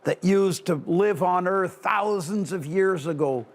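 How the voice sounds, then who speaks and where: A man voicing an ancient, wise male gnome elder who speaks slowly and solemnly. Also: high-pitched. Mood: grave. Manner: slow, measured, solemn delivery.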